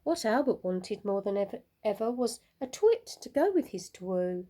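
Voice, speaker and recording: Slow and expressive, a medium-pitched woman teacher reads aloud from a picture book for children in a storytelling style.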